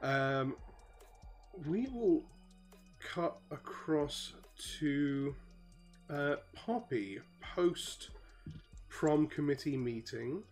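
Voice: medium pitch, very slow, pauses often. Game master, tabletop narration, easygoing, faint music behind. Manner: relaxed, loose, many fillers.

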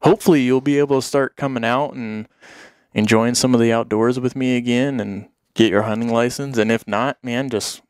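A man's voice: medium pitch, fairly even intonation, normal speed, a little mellow, clear, resonant tone, no echo, clean studio sound. A man telling hunting stories in a casual chat, rambling, laughing often and acting out what people said.

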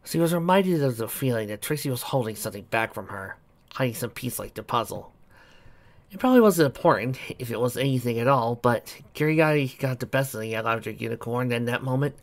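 A man's voice: medium pitch, animated, a little fast. A man reading fan fiction aloud steadily, with occasional playful asides.

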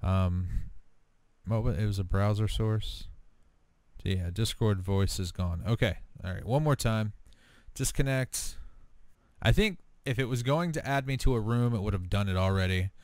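A man casually talking through a software fix on screen, thinking aloud as he tests it. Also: fairly low pitch, moderate pace, no echo. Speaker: streamer. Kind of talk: screen-recorded tech walkthrough.

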